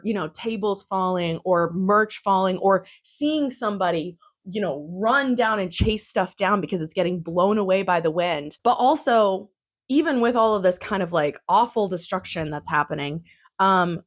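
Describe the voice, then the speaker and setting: Young adult woman, casual vlog recap, chatty and laughing often. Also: medium pitch. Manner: chatty, giggly, lots of fillers. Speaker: vlogger.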